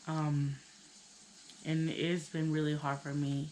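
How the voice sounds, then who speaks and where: A woman in her thirties telling a personal story on her channel, tearful and halting, with many pauses and fillers. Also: deep voice, level tone, dark tone, slight background noise, poor audio. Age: 30s. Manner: hesitant, halting, full of "you know". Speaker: vlogger.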